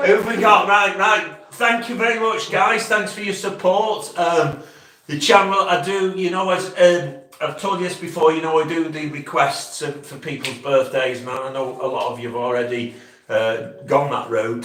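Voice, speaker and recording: A man with a Cheshire accent hosts a casual live stream, chatting and joking and laughing often. His voice sits fairly high. He is picked up from some way off in an echoey room. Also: fairly even intonation, moderate pace, fairly bright tone, slight background noise. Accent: Cheshire, near Macclesfield. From Cheshire, England. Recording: echoey room, mic far off.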